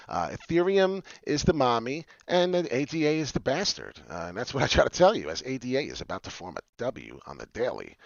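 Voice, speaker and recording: A man hosting a crypto show, excitable and rambling, jumping from loud hype to low mutters with many fillers. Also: vocal fry, no echo, highs cut off. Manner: hyped and loud, swings between shouting and muttering. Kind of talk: excited solo crypto talk.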